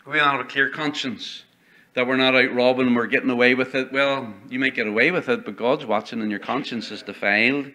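A man's voice: medium pitch, fairly even intonation, brisk, pushed and bright. A man preaching a sermon as pastor in a church, emphatic and quoting old-style scripture. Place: church sanctuary.

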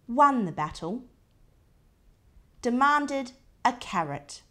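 A woman reading a picture book aloud to a child, in short diary entries with soft asides pointing things out. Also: fairly high pitch, sing-song, slow pace.

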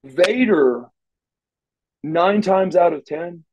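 Middle-aged male interview guest, a bit higher-pitched than most men, loose and profane, full of restarts. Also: animated, very slow, highs cut off. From Oklahoma, USA. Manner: rambling, restarts often, salty language. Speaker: interview guest, former wrestler. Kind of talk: shoot interview storytelling.

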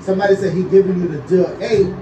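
A man giving loud, joking gameplay commentary, often shouting. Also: high-pitched, fairly even intonation, quick pace, echoey room, recorded from a distance, highs cut off, noisy background. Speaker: gaming video creator.

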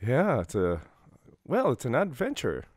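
A man's voice: mid-range voice, wildly swooping pitch, unhurried, no echo, clean studio sound. A man in his forties, a guest on a podcast, chatting casually and joking about himself. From Ireland. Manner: self-deprecating, laughing easily. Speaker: podcast guest, opera singer. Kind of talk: casual chat. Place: a house.

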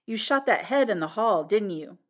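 A woman's voice: mid-range voice, expressive, normal speed, lightly acted. A mischievous teasing young woman, as a reader puts her on. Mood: teasing, eager. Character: young woman, playful, teasing, quick to laugh.

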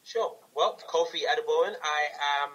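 A man's voice: on the high side, lo-fi sound. A man in his twenties from London with a London English accent, talking as a guest in a casual interview and telling stories with animation. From England. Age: 20s. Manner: animated storytelling, quick to laugh.

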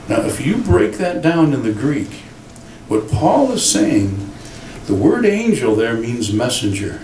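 A pastor preaches in a lively storytelling manner, acting out quotes as he goes. His voice sits at an ordinary pitch for a man and rings through a large church. It is picked up from a distance, with faint room noise behind him. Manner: animated storytelling with acted quotes. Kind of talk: sermon. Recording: roomy church sound from a distant mic.

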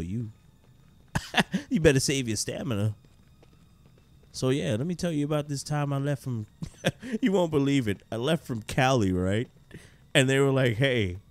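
A man's voice: lowish voice, lightly acted. A man voicing a scared, preppy young man in a red sweater who brags about money and whines nervously in a horror game. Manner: whiny, nervous, boastful.

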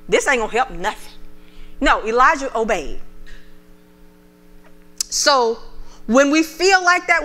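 A woman minister preaching a sermon, acting out the prophet's words with animated feeling. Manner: animated, acts out the prophet's pleas in a raised voice; reads scripture aloud in a lower, measured voice. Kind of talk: sermon with scripture reading.

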